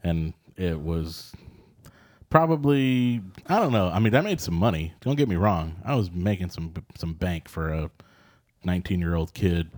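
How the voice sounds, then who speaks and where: A man's voice: deep voice, lively intonation, normal speed. A man, rambling laid-back in casual podcast chat and laughing often. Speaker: podcast co-host.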